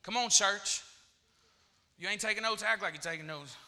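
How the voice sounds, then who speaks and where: High bright-voiced man preaching. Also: normal speed. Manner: repeats phrases, calls out to the congregation. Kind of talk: sermon. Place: church hall with congregation.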